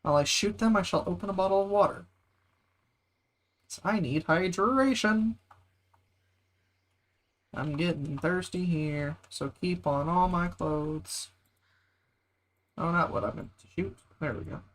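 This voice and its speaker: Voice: mid-range voice, a little slow, long pauses. Joking streamer with a drawl. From United States. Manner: joking, chatty, talks to the game and to chat. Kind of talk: casual gameplay chat.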